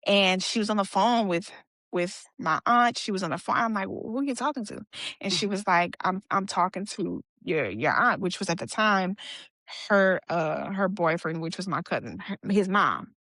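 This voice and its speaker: With a lowish, slightly bright voice at a moderate pace, a young woman shares her own story as a guest on a podcast. She keeps it casual, retelling events with quoted dialogue and fillers, and the studio-quality audio carries no room sound.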